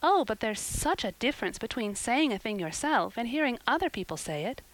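A headstrong, dramatic orphan girl, as a woman reader puts her on, her voice lifted high and pouring out in impassioned, pleading bursts. The storybook reading is close and dry, with no room around it. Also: very animated, moderate pace, fairly bright tone, no room sound, low-quality recording. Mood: wailing, pleading. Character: passionate, dramatic red-haired orphan girl. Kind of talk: audiobook character reading.

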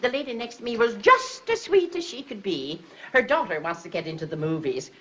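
A woman's voice: medium pitch, very animated, brisk, bright, forceful tone, soft background music. A woman playing a chatty, scatterbrained older mother-in-law in a 1950s sitcom, rambling and fluttery. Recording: lo-fi 1950s TV audio. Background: studio audience laughter.

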